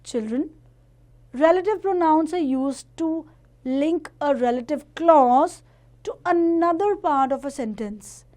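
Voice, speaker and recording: A woman teaching a grammar lesson to children, explaining each point slowly and carefully. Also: high-pitched, warm tone.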